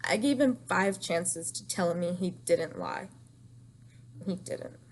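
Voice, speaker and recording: A woman's voice: fairly low pitch, takes it slowly, slight background noise. A young woman telling an emotional storytime vlog, distraught and rambling, repeating herself and crying at times.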